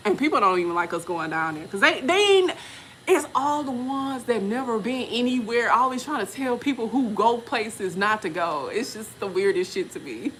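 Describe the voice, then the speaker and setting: Woman, 40s, vlogger; slangy storyteller, lively swooping pitch. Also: moderate pace, slight background noise. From Texas. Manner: animated, laughs often, slangy. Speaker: vlogger and respiratory therapist. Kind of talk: casual storytelling chat.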